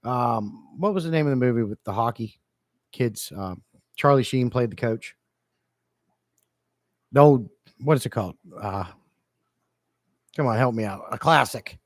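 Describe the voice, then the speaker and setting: A man hosting a relaxed livestream from his home fish room, rambling and joking as he greets his chat. His voice sits at an ordinary middle pitch, close to the desk mic with a dry, dead sound and no room around it. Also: a little slow, pauses often, no echo. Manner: playful, rambling, jokey with chat. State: a bit low-energy. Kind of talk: casual livestream chat reading comments.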